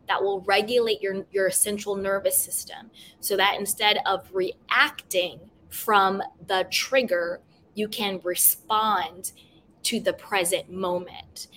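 A woman hosting a self-help podcast, talking gently and repeating affirmations, with many "you know" fillers. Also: medium pitch, a little hiss or hum. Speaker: podcast host.

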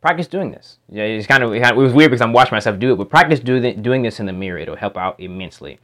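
A man teaching how to make a speech sound, explaining slowly and repeating practice words and sounds in a demonstrative way. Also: medium pitch, animated, fairly bright tone. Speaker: pronunciation teacher. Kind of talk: instructional explanation. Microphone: home microphone.

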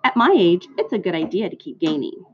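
A woman reading a storybook aloud, voicing a timid young male pig who pleads in a high, squealing voice. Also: very animated, a little fast, slight background noise. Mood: meek. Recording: dull lo-fi recording.

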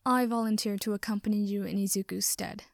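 A woman's voice: medium pitch, fairly even intonation, a little fast, creaky, no echo, clean studio sound, natural voice. A woman voicing a formal, earnest tin man.

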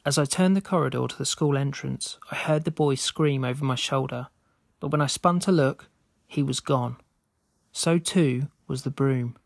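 A man reading a scripted spooky story aloud in a steady, measured way. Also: medium pitch, creaky, dry recording, studio quality. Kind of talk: scripted narration.

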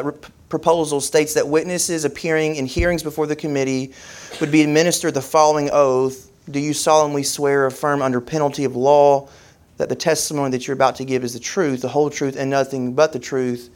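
A man delivering a sermon as pastor, his voice a little rough from a head cold, talking in a conversational way with pauses and fillers. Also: a little high, steady tone.

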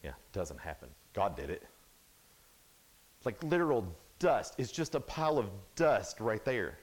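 A man giving a youth sermon, telling a Bible story in an animated, casual way, full of "like" and quick asides. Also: on the low side. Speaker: youth speaker.

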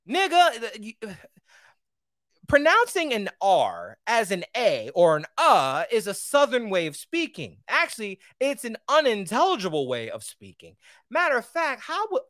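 Male podcast host, heated ranting delivery with animated pitch swings, dry close mic. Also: dry recording. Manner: heated, ranting, swinging between loud outbursts and low asides. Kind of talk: opinionated solo commentary.

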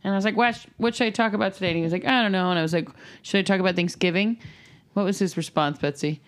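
A woman chatting casually, self-deprecating and quick to laugh. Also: mid-range voice. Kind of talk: casual chat.

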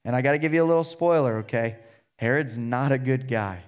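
A man's voice: mid-range voice, a little fast, smooth, dull audio. Male pastor, mid-range voice, preaching a casual storytelling sermon and voicing the characters' lines. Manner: storytelling, acting out the characters in plain voice. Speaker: associate pastor.

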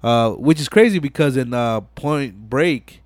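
A young man hosting a casual podcast, retelling movie scenes in an animated way and acting out the dialogue with lots of swearing. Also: medium pitch, measured pace, dry recording. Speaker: podcast host. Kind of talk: casual chat.

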